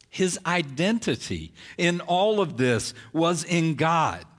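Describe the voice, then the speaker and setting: A male pastor delivers an earnest sermon at an unhurried, deliberate pace, his fairly high voice carrying emphatic repetitions. The sound has the long reverb of a big hall. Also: a bit bright. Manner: earnest, emphatic preaching with repeated phrases.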